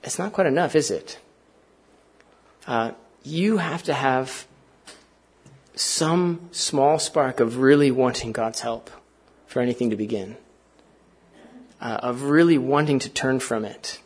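Husky-voiced male pastor preaching conversationally. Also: medium pitch, slow pace, pauses often. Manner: conversational, earnest, many fillers and asides to the congregation. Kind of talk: sermon.

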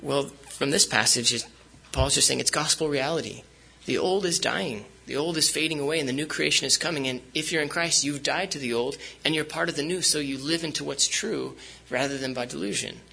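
A man's voice: a little high, a little fast, creaky, sharp tone, breathy edge, poor audio. A man preaching a sermon as pastor, speaking conversationally with frequent fillers and restarts.

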